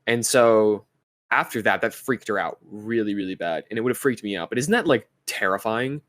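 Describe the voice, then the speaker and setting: A man's voice: on the low side, normal speed, fairly bright tone, no room sound. Young man rambling through a story. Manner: rambling storyteller, many fillers and restarts. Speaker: podcast co-host. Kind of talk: casual chat.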